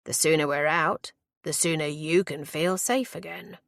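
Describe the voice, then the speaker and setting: A woman's voice: sits low, steady tone, normal speed, gravelly, fairly bright tone, no echo. A woman voicing a well-spoken male intruder who talks in a clipped, sneering way, in an audiobook. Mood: curt.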